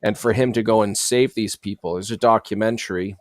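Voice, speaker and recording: A man's voice: fairly low pitch, steady tone, brisk, no echo, clean studio sound. A middle-aged man giving long, rambling conversational interview answers, full of fillers and restarts. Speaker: interview guest.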